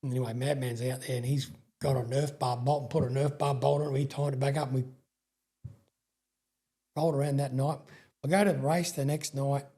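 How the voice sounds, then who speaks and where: Husky, dark-voiced Australian man. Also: medium pitch, fairly even intonation, a little fast, long pauses. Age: middle-aged. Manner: rambling, swears freely, frequent restarts. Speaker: guest, sprintcar racing veteran. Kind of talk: casual storytelling interview.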